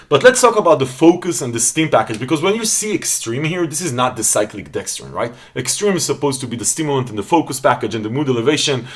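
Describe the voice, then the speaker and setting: A man's voice: mid-range voice, a bit bright. A man doing a blunt supplement review, emphatic and swearing freely.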